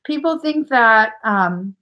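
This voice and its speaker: A woman with a fairly high voice talks slowly and unhurriedly on a casual livestream. She is blunt and frank, swearing freely as she chats with her viewers. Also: expressive, pushed and bright.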